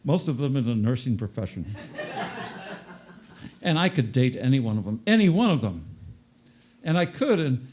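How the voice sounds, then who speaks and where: An older man working a stand-up set in an ordinary mid-range voice. He mocks himself with easy, unhurried timing and says his punchlines twice. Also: medium pitch, sing-song, darkish tone. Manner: self-deprecating, with repeated punchlines. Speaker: stand-up comedian. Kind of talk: stand-up comedy routine.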